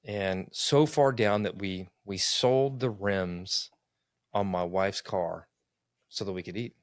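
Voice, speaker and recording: A middle-aged man telling a personal story in casual conversation, earnest and animated, acting out what people said. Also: lowish voice, dry recording, studio quality. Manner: earnest, animated, acts out quotes.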